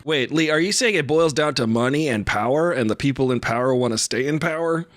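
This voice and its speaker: A man's voice: mid-range voice, animated, a little fast, no echo. A man co-hosting a comedy podcast, chatting casually and laughing often. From United States. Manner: laughs a lot, jokey. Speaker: podcast co-host.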